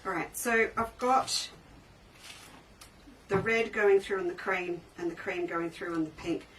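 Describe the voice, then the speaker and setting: Her pitch sits fairly low and her pace is measured, with a slightly bright quality. She chats enthusiastically while selling live from her sewing shop, breaking off mid-sentence and restarting; the audio comes from a somewhat distant mic with faint background noise.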